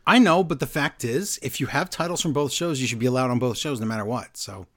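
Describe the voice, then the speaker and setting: A man casually recapping a wrestling show, sarcastic and animated, reading from his notes. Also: mid-range voice, quick pace. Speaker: podcast host recapping wrestling. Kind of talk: casual chat.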